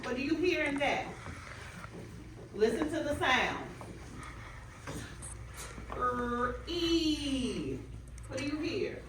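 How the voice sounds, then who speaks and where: A woman student teacher running a phonics drill with a class, calling out words slowly and clearly. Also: high-pitched, animated, noisy background. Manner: stretches out target words clearly. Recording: echoey room, mic far off.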